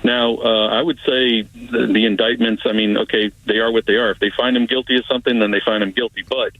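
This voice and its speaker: A man calls in to a talk radio show, his voice thin and boxed in by the phone line. He talks in a hesitant, measured way. The sound is dry. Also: medium pitch, flat delivery, dry recording. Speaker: caller.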